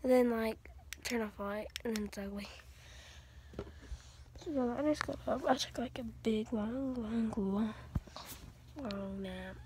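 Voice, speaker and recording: A woman chatting casually in a home vlog, rambling and often dropping into a hushed whisper. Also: on the high side, a little slow, pauses often. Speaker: vlogger. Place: home bedroom. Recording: noisy home recording with clicks.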